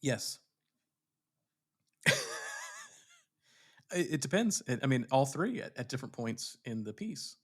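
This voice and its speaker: A man's voice: mid-range voice, sing-song, brisk, few pauses, slightly rough. A man co-hosting a casual podcast, a theatre director who talks in a reflective way and often restarts his sentences while looking for words. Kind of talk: casual chat.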